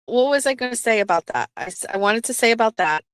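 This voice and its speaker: A woman with a fairly high, clean voice talks fast while hosting a casual live stream, with no room sound. She's animated as she tells a story, swearing and acting out the voices of the people she quotes.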